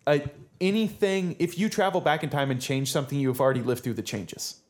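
A man's voice: a little high, fast talker. A man hosting a casual podcast chat, rambling with frequent restarts and laughing often. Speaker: podcast host.

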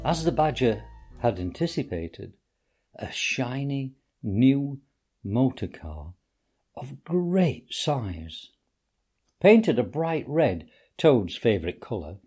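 A man reading a storybook aloud as narrator in an expressive, unhurried way. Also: mid-range voice. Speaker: audiobook reader.

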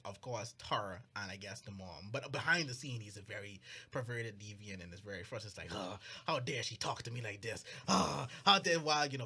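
A young man co-hosting a podcast, recounting a story in casual chat with animated, mock-outraged delivery and quick put-on voices. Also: mid-range voice, breathy edge. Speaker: podcast co-host.

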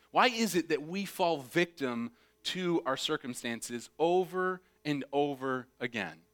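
Animated man preaching a sermon. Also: mid-range voice. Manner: animated storyteller, acts out shrieking child voices. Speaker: pastor. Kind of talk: sermon with storytelling.

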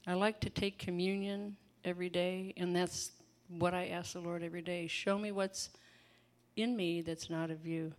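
Chatty preaching woman, lowish voice. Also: flat delivery, moderate pace. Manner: chatty, laughing, folksy asides. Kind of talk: informal sermon.

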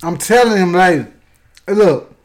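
A man tells a story in casual chat. He is animated and bursts into loud acted-out quotes. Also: high voice, takes it slowly. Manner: animated, acts out quoted voices loudly.

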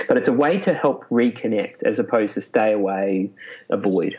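A man, a psychologist being interviewed, explaining in a lively way and laughing often. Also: lowish voice, moderate pace, breathy edge. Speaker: clinical psychologist guest. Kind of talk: casual interview talk. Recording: muffled lo-fi sound.

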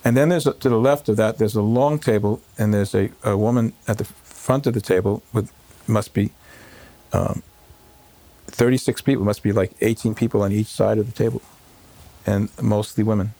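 Low gravelly rabbi recalling a hard day. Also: male voice, steady tone, warm tone. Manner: halting, full of fillers and restarts. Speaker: rabbi, interview guest. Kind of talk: emotional personal recollection. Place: home.

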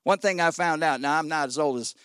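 A man in his sixties preaching a sermon as guest pastor, folksy and exhorting, swinging between loud shouts and low asides. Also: fairly quick, clear, resonant tone, no echo, clean studio sound. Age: 60s. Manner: folksy, exhorting with 'come on, somebody'.

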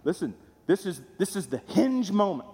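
Man preaching, high voice, lively pitch, conversational, asks the crowd questions, long hall echo. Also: normal speed. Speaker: pastor. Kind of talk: sermon.

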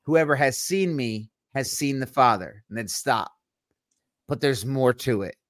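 A man's voice: mid-range voice, animated, a little slow, no room sound. Man explaining scripture, dry close sound. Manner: walks through scripture quoting verse by verse. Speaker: podcast co-host. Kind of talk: casual Bible discussion.

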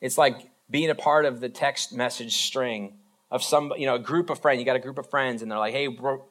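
Pastor, male, relaxed chatty sermon delivery, average pitch, down-to-earth examples. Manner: informal, talks through everyday examples, acts out quick voices. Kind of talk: casual conversational sermon.

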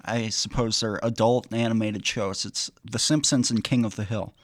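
Male radio co-host, low voice, halting casual talk, dry close studio sound. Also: fairly even intonation, dry recording. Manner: hesitant, many restarts and pauses. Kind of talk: casual chat.

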